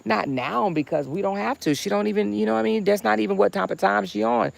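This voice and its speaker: A woman's voice: medium pitch, quick pace, creaky. A woman hosting a casual livestream, talking bluntly and heatedly with chatty asides. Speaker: livestream host.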